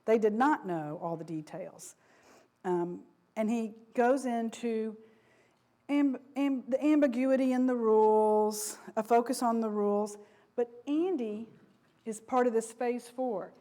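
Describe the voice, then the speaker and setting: A middle-aged woman, a former company vice president, lectures an audience in a frank, conversational way, full of asides and restarts. Her voice sits on the high side, with a dark tone and a slightly slow pace.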